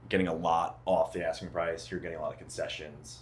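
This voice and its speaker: A man's voice: sits low, level tone, fast talker. A man working as a real estate agent, speaking in a laid-back way about the market in a casual chat.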